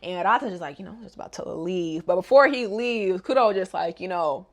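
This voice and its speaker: A woman's voice: lowish voice, a little fast, few pauses. Young woman anime recapper, casual, slangy, jokey delivery. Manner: chatty, slangy, joking.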